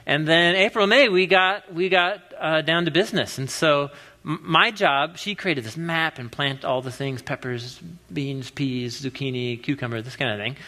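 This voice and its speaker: A pastor in his thirties from the US Pacific Northwest preaches a casual, conversational sermon, joking and telling stories animatedly. His voice is a little high at normal speed, and the large church sanctuary gives it a long reverb.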